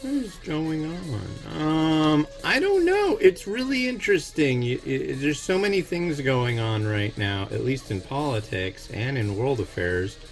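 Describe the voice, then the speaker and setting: A man's voice: a little high, very animated, a little slow, hardly any pauses, soft background music. A man hosting a noodle review show, chatting casually and in a rambling, opinionated way while he cooks and tastes. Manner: rambling, opinionated, restarts often. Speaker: host of an instant noodle review channel. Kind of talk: casual chat while cooking and tasting.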